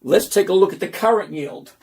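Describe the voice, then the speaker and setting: A middle-aged man hosting a stock trading channel, walking through numbers on screen in a casual, teasing, sarcastic way and repeating points slowly for emphasis. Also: high-pitched, vocal fry, darkish tone, a little hiss or hum.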